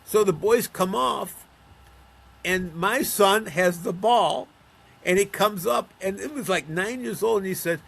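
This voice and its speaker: A man's voice: high voice, unhurried, vocal fry, fairly bright tone, husky. A man from Buffalo, New York, a middle-aged or older counselor being interviewed, telling stories and acting out the voices of the people in them. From Buffalo, New York, USA. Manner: storytelling, acts out quoted voices. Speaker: guest, counselor of men. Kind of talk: conversational interview.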